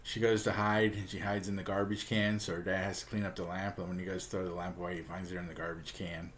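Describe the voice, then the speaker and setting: A man's voice: deep voice, little pitch movement, fast talker, a bit bright, slight background noise. A man reviewing a book, casually retelling a comic story in a rambling way, with fillers and chuckles.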